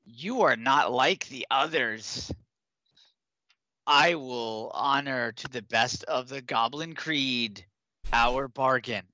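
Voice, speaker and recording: A man's voice: medium pitch, bright, forceful tone, lo-fi sound. A man voicing a timid, nervous male goblin who stammers through his lines. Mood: solemn. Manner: hesitant, stammering, with halting restarts. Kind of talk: tabletop role-play character voice.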